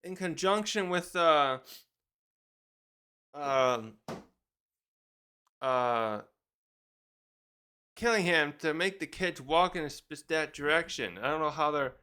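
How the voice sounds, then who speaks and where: Man, manga reviewer, casual rambling, self-correcting, bright tense tone, fairly high voice. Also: lively intonation, unhurried, pauses often, clean tone. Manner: rambling, self-correcting, reads panels aloud.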